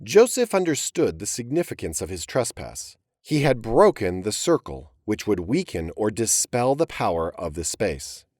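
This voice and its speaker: Animated male storyteller, dry close sound. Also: lowish voice, moderate pace, hardly any pauses, no echo. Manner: expressive storytelling reading. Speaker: narrator. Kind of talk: dramatic audiobook narration.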